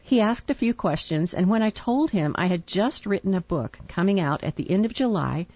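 A woman's voice: mid-range voice, animated, normal speed, slightly rough, no echo, lo-fi sound. A woman co-hosting a radio show, reading a listener's letter aloud and breaking off to laugh. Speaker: radio co-host.

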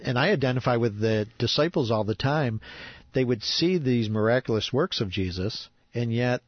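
A man's voice: medium pitch, animated, moderate pace, dry recording, muffled recording. A man chatting casually and thoughtfully about faith with a co-host. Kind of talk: casual chat.

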